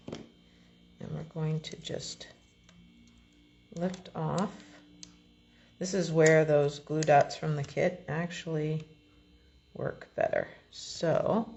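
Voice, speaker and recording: A woman with a low, gravelly voice talks slowly through a card-making tutorial, explaining each step as she goes. She speaks in a relaxed, chatty way. The recording is a little dull, with a faint hiss behind her. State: has the hiccups. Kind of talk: crafting tutorial.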